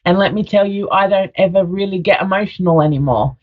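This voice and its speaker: A woman's voice: medium pitch, fairly quick, hardly any pauses, highs cut off. A woman psychic medium giving a live radio reading in a soothing, affectionate way, often calling the caller sweetheart.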